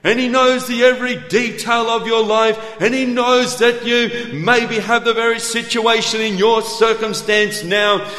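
A man with a high voice preaches a tender, earnest sermon. He slows right down for quiet lines, then rushes through asides. His voice rings out in a roomy hall with a long echo. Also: fairly even intonation. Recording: echoey hall.

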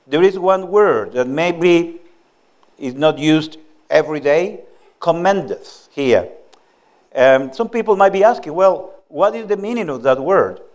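Slow, deliberate male preacher. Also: fairly high pitch. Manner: slow, deliberate, stresses key words. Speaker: visiting preacher. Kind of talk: sermon with opening prayer. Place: meeting hall.

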